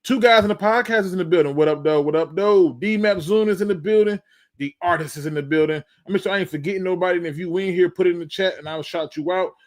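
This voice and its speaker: A man hosting a live sports talk stream, talking energetically, repeating himself and calling out names in the chat. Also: sits high. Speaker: sports talk show host.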